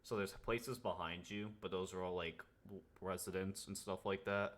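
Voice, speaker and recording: A man's voice: low voice, steady tone, normal speed, a bit bright. A young man running a tabletop game as game master, narrating with many hesitant restarts and fillers.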